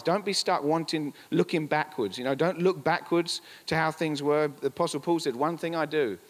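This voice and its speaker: A male pastor preaching a sermon in church, emphatic and repetitive, with chatty asides. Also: fairly high pitch. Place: church hall. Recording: reverberant church hall.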